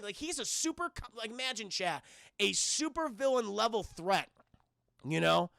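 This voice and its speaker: A man's voice: high-pitched, normal speed, vocal fry, dry recording, studio quality. A man casually recapping a film scene by scene for his stream chat, rambling and profane. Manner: animated, profane, rambling storytelling.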